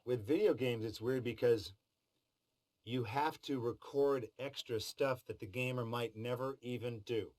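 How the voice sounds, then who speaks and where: A man's voice: medium pitch, measured pace, a little mellow, poor audio. A middle-aged man talking in a behind-the-scenes interview about voice work, with a wry, joking manner. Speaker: voice actor in behind-the-scenes feature. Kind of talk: interview talk.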